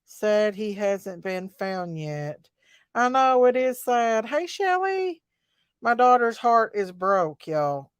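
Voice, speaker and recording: A woman's voice: medium pitch, clear, resonant tone, no room sound, clean studio sound. A middle-aged woman, hosting a casual livestream chat, greeting viewers by name in a folksy way. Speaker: livestream host.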